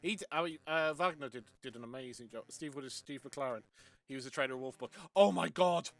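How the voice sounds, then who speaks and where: A man's voice: medium pitch, fast talker, sharp tone, no room sound, soft background music. A young Welshman chatting casually while streaming a game, rambling with many restarts and laughs. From Wales.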